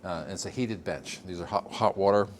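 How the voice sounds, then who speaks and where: A man's voice: low voice, fairly quick. An older man from Vermont giving a casual greenhouse tour, rambling with fillers and frequent chuckles. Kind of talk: casual walking-tour interview.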